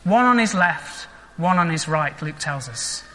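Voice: medium pitch, expressive, measured pace, fairly bright tone. A vicar preaching a sermon in an earnest, reflective way, asking rhetorical questions. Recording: long echoing church reverb.

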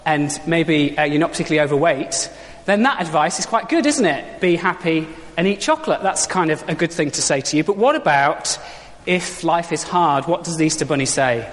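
A man's voice: a little high, expressive, fairly quick, a bit bright. A man preaching an Easter sermon in a chatty, informal way, full of rhetorical questions. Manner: informal, conversational, uses props and rhetorical questions. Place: church. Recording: long church reverb.

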